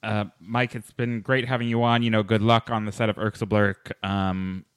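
A man's voice: lowish voice, flat delivery, moderate pace, fairly bright tone, smooth, no echo, clean studio sound. A man hosting a podcast in a casual, hesitant way, with many ums and uhs. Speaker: podcast host.

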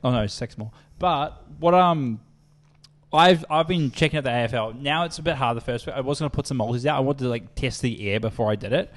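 A man's voice: medium pitch, brisk. A young man co-hosting a podcast, telling stories in casual chat with lots of swearing and acted-out phone calls. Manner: animated, swearing storyteller who acts out phone calls. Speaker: podcast co-host.

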